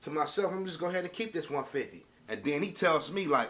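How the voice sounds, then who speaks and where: A man's voice: a little high, lively intonation, a little fast, few pauses, fairly bright tone. A man telling a story to camera as a casual rant, with streetwise slang and emphatic delivery. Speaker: vlogger.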